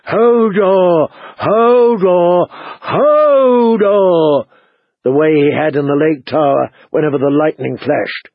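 A man narrating a fantasy audiobook in a measured, dramatic storytelling manner. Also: fairly high pitch, creaky, slightly rough, no room sound. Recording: dull lo-fi recording.

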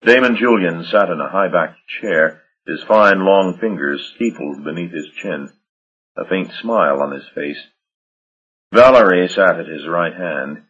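A man narrating an audiobook in a measured, dramatic storytelling manner. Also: low-pitched, a bit bright, husky. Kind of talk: scripted narration. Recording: dull lo-fi audio.

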